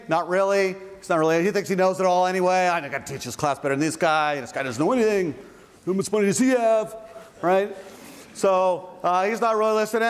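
Man, psychology professor, conversational lecture, high voice, echoey hall. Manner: conversational, playful with asides. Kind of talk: university lecture.

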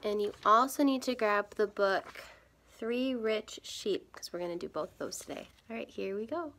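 A young adult woman teaching a phonics lesson to young children, speaking clearly and encouragingly. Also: medium pitch, animated, a little fast, fairly bright tone, slight background noise.

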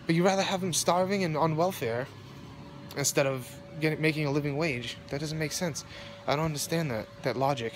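A man's voice: a little high, brisk. Young man ranting outdoors, shivering. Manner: profane, rambling, heated. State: shivering from cold. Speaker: vlogger. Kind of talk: casual rambling rant to camera. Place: outdoors in the cold near traffic. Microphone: phone camera. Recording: noisy outdoor phone recording with traffic.

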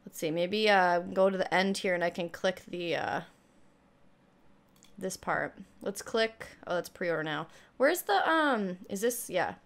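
A woman's voice: fairly low pitch, a little slow. A young woman reacting to a trailer and reading it aloud, gushing and a little out of breath. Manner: gushing, squealing with excitement. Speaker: gaming YouTuber reacting to a trailer.

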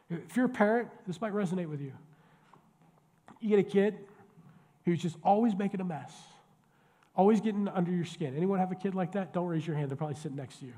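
Higher-voiced pastor preaching in a reverberant church. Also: male voice, mellow. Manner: conversational, joking, questions the congregation directly. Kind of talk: sermon. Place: church sanctuary. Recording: long church hall reverb.

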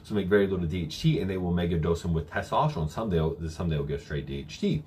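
A young man coaches viewers through a live-stream Q&A from home, reading chat questions aloud and answering casually with plenty of fillers. His low, darkish voice is animated and fast, and he's briefly out of breath. There's slight background noise.

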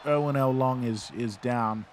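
A man calls the action in a wrestling video game in a loose, chatty way, stumbling over fillers and restarting his sentences. His pitch sits in the middle range. Steady background noise runs under the recording. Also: measured pace, crowd noise. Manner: rambling, lots of fillers and restarts. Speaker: play-by-play commentator. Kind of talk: casual video game commentary.

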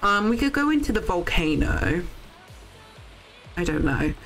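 A young woman streaming a farming game, chatting casually to viewers, excitable and swearing freely. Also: on the low side, a little slow, faint music behind, low-quality recording. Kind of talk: casual live game commentary.

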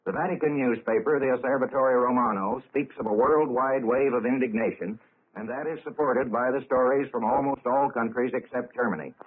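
A man reading a 1930s radio news bulletin in a measured, formal way with dry, wry asides. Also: mid-range voice, husky. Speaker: radio newscaster. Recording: tinny lo-fi 1930s radio broadcast.

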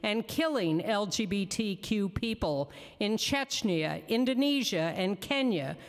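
A woman's voice: medium pitch, expressive. Emphatic woman testifying in a reverberant hall. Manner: emphatic, deliberate, slows on lists. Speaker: advocate testifying at a hearing. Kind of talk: prepared public testimony. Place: council chamber.

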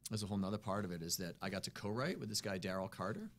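A man's voice: deep voice, lively intonation, very fast. A man, a musician guest in a casual interview, telling stories in an easygoing, rambling way. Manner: easygoing, rambling, peppered with "you know" and "man".

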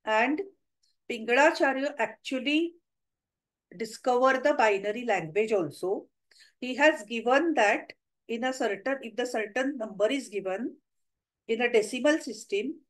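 This middle-aged woman with an Indian English accent presents a webinar on math history, lecturing with slides and walking through examples one step at a time. Her voice is a little high, and the audio quality is poor.

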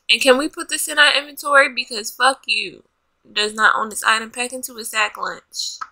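A woman's voice: fairly high pitch, steady tone, moderate pace, sharp tone. A woman hosting a life-sim let's play, giving dramatic commentary as she bosses and scolds the game characters. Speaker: gaming channel host. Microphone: desk USB microphone.

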